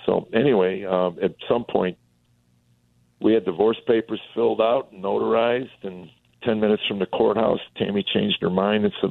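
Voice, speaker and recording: Calling in on a tinny phone line with no echo, a middle-aged comedian and author shares his life story on a radio talk show. His voice is on the low side and creaky, and he mimics the people he quotes.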